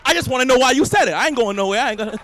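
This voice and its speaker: Animated high-voiced male comedian. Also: racing, a little hiss or hum. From Canada. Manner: animated, laughing often, shouting punchlines. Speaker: stand-up comedian. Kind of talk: stand-up comedy set. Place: event stage before a live audience.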